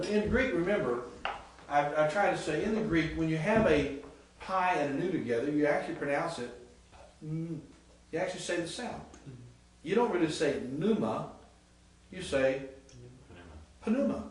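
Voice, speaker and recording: A male Greek professor giving a chatty classroom lecture, quizzing his students and sounding out words. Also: fairly high pitch. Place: seminary classroom. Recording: echoey classroom, mic far off, faint hiss.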